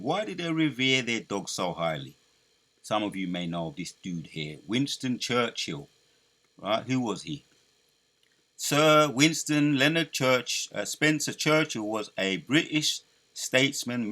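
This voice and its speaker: Guy preaching, lowish voice, sharp and punchy, keeps repeating himself and gets loud reading verses. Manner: emphatic, repetitive, builds to loud declaiming. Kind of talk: preaching commentary with scripture reading.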